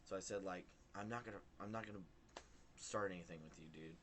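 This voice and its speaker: A young man vlogging, retelling a work story in a rambling, animated way with lots of fillers. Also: sits low, quick pace, a little hiss or hum. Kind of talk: casual storytelling to camera.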